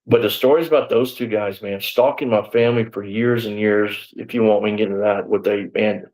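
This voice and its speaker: A man's voice: lowish voice, steady tone, brisk, darkish tone, rough recording. Man in his 60s telling his story. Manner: rambling storyteller who acts out quoted exchanges; casual, peppered with "man" and "you know". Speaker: interview guest, former sheriff's deputy.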